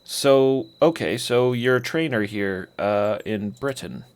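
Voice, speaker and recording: A man's voice: medium pitch, slow pace, clear, resonant tone. A man casually commenting on a game he is playing live, joking as he reads along. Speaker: streamer.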